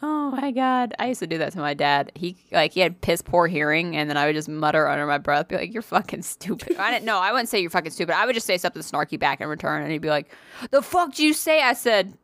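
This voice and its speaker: A woman with a fairly low voice tells a story in loose, casual podcast chat. She swears freely, laughs a lot and pokes fun at herself. The sound is close and dry, with no room echo. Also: expressive, quick pace, few pauses, a bit bright. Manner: profane, laughs often, self-deprecating. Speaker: podcast co-host.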